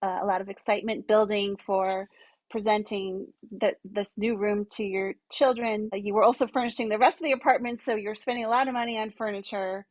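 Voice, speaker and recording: A woman's voice: mid-range voice, fairly even intonation, brisk, no echo, poor audio. A woman hosting a podcast interview, summarizing her guest's story and asking supportive questions.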